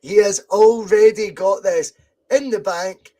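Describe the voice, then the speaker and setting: A man co-hosting a casual podcast chat, telling stories in an animated way and swearing freely. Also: high voice, a little slow. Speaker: podcast co-host.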